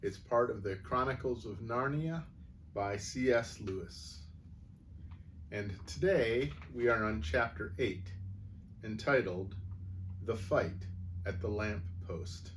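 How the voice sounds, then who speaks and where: A man reading a children's book aloud as a storyteller, relaxed, sometimes correcting himself. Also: lowish voice, takes it slowly. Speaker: storyteller at a church. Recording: distant mic with faint background noise.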